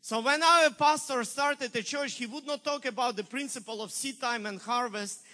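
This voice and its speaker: A man with a Ukrainian accent preaching a sermon, telling a story in an animated, emphatic way. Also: very high-pitched, normal speed. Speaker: pastor.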